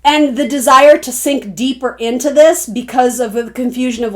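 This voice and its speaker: A fairly high-pitched young woman talks her way through a tarot reading for her viewers. Her delivery is loose and chatty, full of restarts and asides as she thinks aloud. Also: lively intonation, fairly quick, few pauses. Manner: rambling, chatty, self-interrupting. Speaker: tarot reader. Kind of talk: casual spoken tarot reading.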